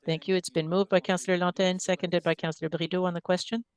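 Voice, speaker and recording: Brisk mayor chairing council. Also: medium pitch, level tone, smooth, no room sound. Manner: brisk procedural calls.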